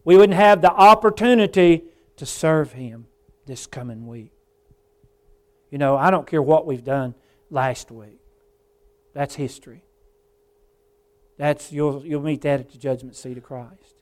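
A man preaching an evening church sermon, fervent, swinging between hushed and loud passages, quoting scripture and calling the congregation folks and brother. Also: on the high side, a little slow, pauses often. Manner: quotes scripture in old-style wording.

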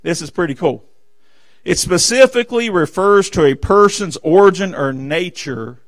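A fervent preacher man with a high, gravelly voice delivers a sermon from a church pulpit. He surges into loud, emphatic declarations, then drops to hushed asides, pressing his point again and again. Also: lively intonation, measured pace. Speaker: pastor. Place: church sanctuary.

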